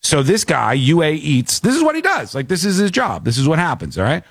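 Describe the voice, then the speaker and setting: Host, male, lively pitch, slightly high, dry studio sound, playful mimicry. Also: brisk, slightly rough, no echo. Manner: animated, laughing, mimics voices in mocking quotes. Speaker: radio show host. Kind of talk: casual on-air commentary.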